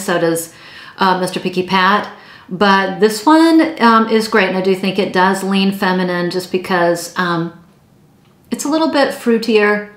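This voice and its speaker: A woman's voice: lowish voice, echoey room. A woman chatting casually and enthusiastically as she reviews perfumes, with many fillers and repeated words.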